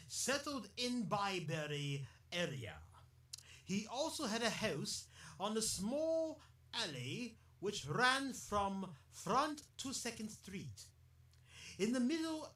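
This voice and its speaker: A man hosts a rambling solo podcast, reading out local history in a chatty, jokey way, laughing often and wandering into silly asides. His voice is high and a bit bright, recorded on a distant mic in an echoey room.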